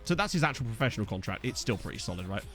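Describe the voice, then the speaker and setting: Racing along in a low, sing-song voice with a fairly bright tone, a young man from Essex streams a football management game over soft background music. His Essex accent carries casual chatter, chat messages read aloud and jokey asides.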